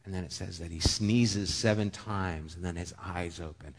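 A man preaching a sermon, telling a story with lively shifts, often dropping to a hushed voice. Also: sits low, normal speed, hardly any pauses, slight background noise. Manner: animated storytelling, dropping to a hush. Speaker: pastor. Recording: long hall reverb.

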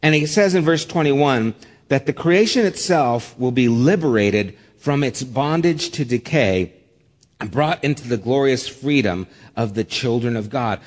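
A man preaching a sermon, telling a lively personal story with humor, then dropping soft and low for solemn points. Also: measured pace, in a large hall. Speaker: pastor.

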